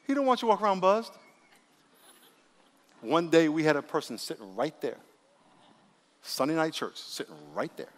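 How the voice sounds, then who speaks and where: A man preaching a lively sermon as pastor, acting out voices he quotes. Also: a little high, moderate pace, long pauses. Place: church sanctuary. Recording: long reverb of a church hall.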